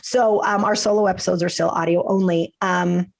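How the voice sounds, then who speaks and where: A woman business coach talking as a podcast guest, chatty and animated, acting out quotes, while she has a cold. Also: on the low side, moderate pace, gravelly. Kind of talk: casual interview chat.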